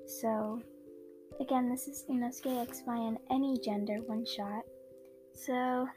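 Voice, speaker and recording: A woman's voice: a little high, fairly even intonation, a little slow, music in the background. A woman hosting a fan fiction podcast, chatting casually with many fillers, tired after a sleepless night, on an old cheap microphone. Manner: chatty, filler-heavy, apologetic. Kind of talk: casual chat and story reading. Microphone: old low-quality microphone.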